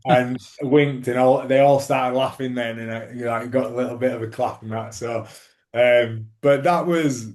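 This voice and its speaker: A man's voice: medium pitch, steady tone, moderate pace, a little mellow. A man, a former rugby league player telling stories as an interview guest, rambling with lots of fillers and restarts. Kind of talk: casual interview storytelling.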